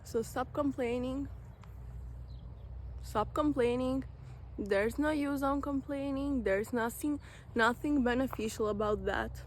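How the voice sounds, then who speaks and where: Woman, high voice, unhurried; earnest self-help vlogger talking straight to camera. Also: slight background noise. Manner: earnest, direct, repeats phrases for emphasis. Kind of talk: motivational talk to camera.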